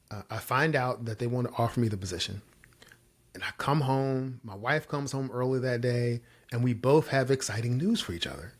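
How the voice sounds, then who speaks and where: Animated storytelling man. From Virginia, US. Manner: animated storyteller, jumps high when quoting himself. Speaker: guest. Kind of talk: storytelling interview answers.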